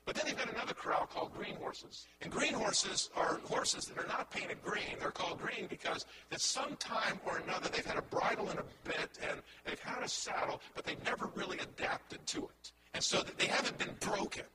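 Male pastor, very high voice, impassioned sermon, heavy background hiss. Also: lively intonation, normal speed, few pauses. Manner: impassioned, shifting from hushed to loud; repeats words when building a point.

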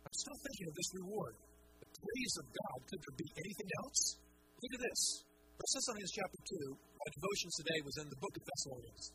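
Male pastor preaching with a wildly swinging pitch. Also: big pitch swings, quick pace, pushed and bright, faint music behind. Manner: emphatic preaching with rhetorical questions. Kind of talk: sermon. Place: church before a large congregation. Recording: noisy live sermon recording.

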